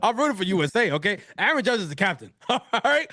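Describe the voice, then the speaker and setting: A man in his thirties from the United States, co-hosting a casual sports podcast in an excitable, animated way. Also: high-pitched, quick pace, dry recording, clean studio sound. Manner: animated, excitable, laughs often. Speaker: co-host.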